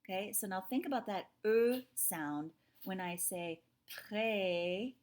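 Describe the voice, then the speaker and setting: A woman giving a recorded French lesson at an ordinary middle pitch. She talks straight to her students, keeps checking in with "okay?", and slows right down to draw out each sound she models. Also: lively intonation, a little mellow. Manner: says sounds out slowly to model them. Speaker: French teacher.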